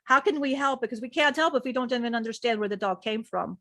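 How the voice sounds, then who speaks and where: Woman channeler, fairly high voice, speaks as a male being in slow, repeating storytelling. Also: fairly bright tone, no echo, studio quality. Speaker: spiritual channeler.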